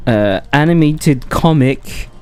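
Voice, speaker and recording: A man's voice: fairly high pitch, animated, slow pace, a little mellow, clean tone. A man chatting casually on a live stream while coding, rambling, swearing and breaking off mid-sentence. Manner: rambling, swearing, self-interrupting. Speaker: streamer and game developer.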